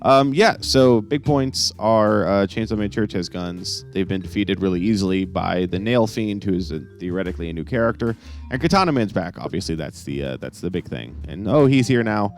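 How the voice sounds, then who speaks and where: A man's voice: on the low side, lively intonation, normal speed, soft background music. A young man hosting a casual comic review podcast, rambling along with sarcastic asides. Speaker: host.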